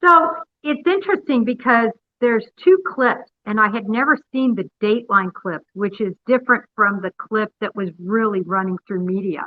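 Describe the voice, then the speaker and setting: A woman guest breaks down a clip in an emphatic, analytical way, retelling what was said. Her voice is of middling pitch. It comes through a thin, phone-like remote line with a dry sound. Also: normal speed, hardly any pauses, no echo. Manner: analytical, emphatic, retells exchanges with mimicked quotes. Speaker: guest commentator. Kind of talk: conversational interview analysis.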